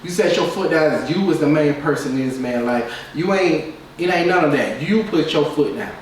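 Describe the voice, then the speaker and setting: Reviewing reality TV, a man offers his opinions casually at a normal speed, his slightly high voice full of lively intonation. He's loose and repetitive, leaning on filler and constantly saying "you know what I'm saying." The recording is very echoey, with a distant mic and faint noise.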